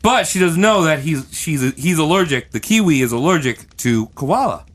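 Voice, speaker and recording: Animated man rambling through a silly story. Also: fairly high pitch, normal speed. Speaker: podcast co-host. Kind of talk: improvised comedic storytelling.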